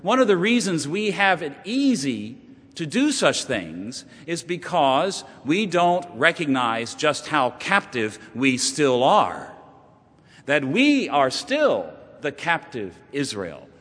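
Pastor preaching in a reverberant hall. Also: male voice, on the high side, big pitch swings, slow, breathy edge. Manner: storytelling, shifting from hushed to rising emphasis. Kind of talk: sermon.

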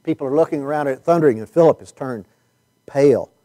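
Male preacher, higher-pitched, emphatic, dry close sound, slow stressed phrasing. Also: mellow, no echo. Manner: emphatic, stretches key words slowly, repeats phrases. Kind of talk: sermon with Bible reading.

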